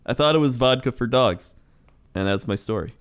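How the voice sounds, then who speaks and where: A man's voice: medium pitch, moderate pace, smooth. A man co-hosting a podcast, chatting casually with wry, laid-back comments. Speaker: podcast co-host. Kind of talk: casual chat.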